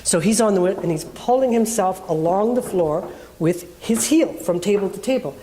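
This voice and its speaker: A woman's voice: mid-range voice, lively intonation, normal speed, dark tone, a little hiss or hum. A woman minister preaching in a conversational way, telling a personal story and acting out the people in it.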